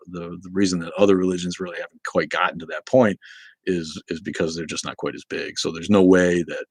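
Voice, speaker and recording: Man, very low voice, dry close sound, casual rambling livestream chat. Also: husky, no echo. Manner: rambling, many fillers and restarts. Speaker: livestream host reading chat. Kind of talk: casual live-stream chat.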